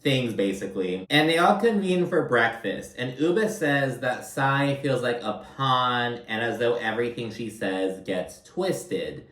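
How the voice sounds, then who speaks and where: A man's voice: medium pitch, lively intonation, a little slow, few pauses, a bit bright, far from the mic. A man giving a casual, blunt recap of a reality TV show, full of swearing and fillers like "like" and "you know". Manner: blunt, profane, filler-heavy chatter. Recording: roomy, from off-mic.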